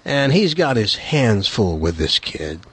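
A man's voice: lowish voice, sing-song, husky. A man hosting a radio show, chatting with his co-host and telling a long joke like a practiced storyteller. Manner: chatty storyteller, quick questions. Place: radio studio.

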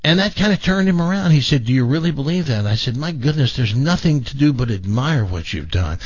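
A man's voice: medium pitch, expressive, a little fast, husky, dry recording, highs cut off. An older man hosting a talk show, telling a long personal story with many stammering restarts. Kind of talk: storytelling in casual chat.

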